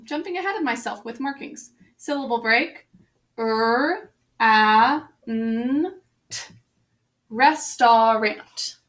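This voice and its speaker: A woman teaching a spelling lesson, sounding out words letter by letter in a slow, patient way. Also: high-pitched, fairly bright tone.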